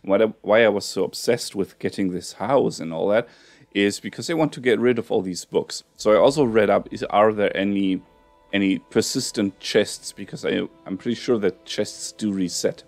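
Low, gravelly man chatting over a game. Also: moderate pace, soft background music. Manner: rambling, chatty, self-mocking. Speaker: let's play host. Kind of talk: casual gameplay commentary. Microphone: headset.

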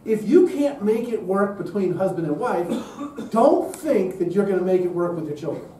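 A man's voice: sits high, sing-song, moderate pace, mellow, heavy reverb, far from the mic, slight background noise, low-quality recording. A man giving an emphatic lecture-style talk at a public event, posing rhetorical questions to the audience.

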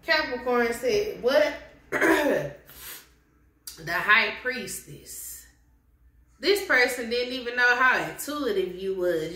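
A woman reads tarot in a casual, blunt, slangy style with frequent laughs. Her voice sits fairly high and is delivered slowly. The recording is roomy, with a faint hiss behind it. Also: bright, forceful tone. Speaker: tarot reader. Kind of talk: casual tarot reading to viewers. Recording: echoey room with faint noise.

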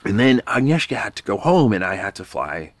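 A man's voice: lowish voice, sing-song, fairly quick, no room sound. A man from New York, a podcast guest, telling a rambling, self-deprecating story in a casual, swearing way.

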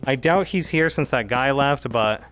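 A man streaming a game live, thinking out loud and talking straight to his chat as he plays. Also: medium pitch, lively intonation, unhurried, faint music behind. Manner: chatty, thinking aloud while playing. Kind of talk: live gameplay commentary to chat.

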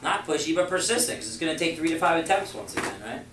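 A man's voice: on the high side, quick pace, noisy background. A man running a sales training session for a room of new reps, acting out short example dialogues as he teaches. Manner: energetic, uses acted example dialogues. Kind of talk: classroom sales training talk. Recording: echoey room, mic far off.

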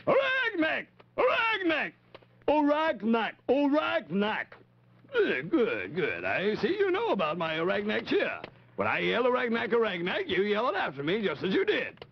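A man's voice: high-pitched, huge pitch swings, normal speed, vocal fry, breathy edge, heavily acted. A man voicing a pompous, blustering male puppet chief on a 1950s children's TV show, bellowing his demands. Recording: dull lo-fi 1950s TV audio.

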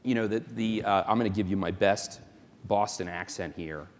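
A man from South Florida speaking as a company executive on a conference panel, emphatic and quick to make his point. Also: lowish voice. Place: conference hall. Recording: long reverb of a conference hall.

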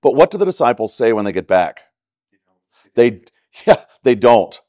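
A man's voice: mid-range voice, big pitch swings, moderate pace, darkish tone, dry recording, studio quality. A man with a Texan accent teaching a church Bible study in a conversational way, often checking in with "right?". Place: church classroom.

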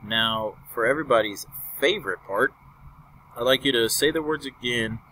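A man's voice: medium pitch, moderate pace, pushed and bright, slight background noise. A young man teaching a recorded fourth-grade lesson, upbeat and patiently explaining step by step.

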